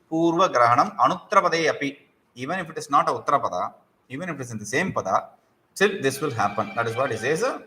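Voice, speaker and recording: A man gives a slow, patient grammar lecture. He repeats each term and stops often to check that his students follow. His voice sits at a medium pitch. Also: sharp tone. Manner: explains patiently, repeats terms, checks understanding with "okay?". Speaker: Sanskrit grammar teacher. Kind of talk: explanatory lecture.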